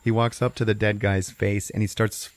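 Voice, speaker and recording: A man's voice: on the low side, level tone, normal speed, dry recording. A man casually recapping a movie on a podcast, rambling with many fillers and heavy swearing. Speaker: podcast co-host.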